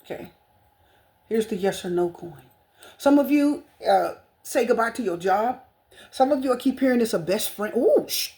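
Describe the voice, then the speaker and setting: A woman with a twang reads tarot cards for her viewers in a gushing, spiritual way, circling back over the same words again and again. Her voice sits a little on the high side. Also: lively intonation, normal speed, mellow. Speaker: tarot reader.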